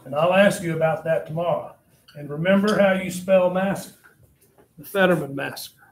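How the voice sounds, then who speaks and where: A man's voice: sits high, normal speed. A male history teacher telling a story to his class in a dramatic, blunt manner and speaking straight to the students, recorded in an echoey classroom. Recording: echoey classroom, faint noise.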